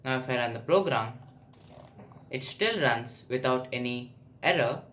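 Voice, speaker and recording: A man walks through a coding tutorial at an unhurried, deliberate pace, explaining each step as he goes. His voice sits at an ordinary pitch, with faint noise and keyboard typing behind it. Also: expressive, sharp tone. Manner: patient step-by-step explaining, thinking aloud. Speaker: programming tutor. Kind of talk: screen-recorded coding tutorial.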